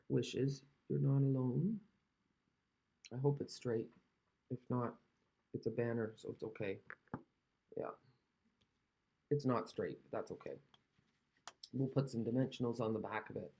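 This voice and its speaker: A woman's voice: extremely low pitch, darkish tone, a little hiss or hum. A woman from Canada chatting casually while demonstrating card-making, rambling and self-deprecating, recovering from an illness. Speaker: craft demonstrator.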